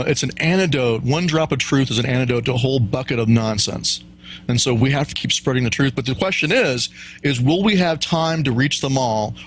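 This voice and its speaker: A man's voice: mid-range voice, a little hiss or hum. Earnest male talk show guest. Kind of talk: talk radio interview.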